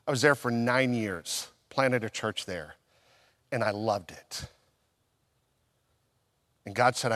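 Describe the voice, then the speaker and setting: A male pastor preaching a sermon, telling a personal story and acting out his own past conversations, with swings from loud emphasis down to near-whispers. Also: medium pitch, takes it slowly, pauses often, long reverb tail.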